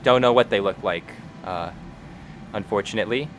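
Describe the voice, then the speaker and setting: A man's voice: lowish voice, normal speed, a little hiss or hum, lightly acted. A man voicing a wary farm woman who keeps to herself and speaks in a terse, guarded way.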